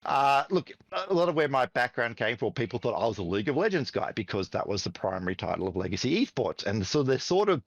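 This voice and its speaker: A man in middle age, talking as a podcast guest with a wildly swinging, lively pitch and a passionate, profane delivery. His voice is close and dry, with no room sound around it. He sounds like he is chatting casually and telling stories. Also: fast talker, hardly any pauses, no room sound, highs cut off. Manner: animated, profane, fired-up storytelling. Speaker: podcast guest, esports team CEO.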